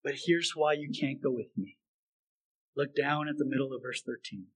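A man's voice: medium pitch, moderate pace, fairly bright tone, breathy edge, low-quality recording. A man preaching a sermon as a pastor, earnest and emphatic, repeating phrases for stress.

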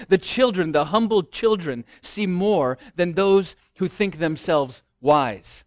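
Pastor, male, high register, dramatic delivery, dry close sound. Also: no echo. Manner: dramatic preaching, acts out quoted voices. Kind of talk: sermon.

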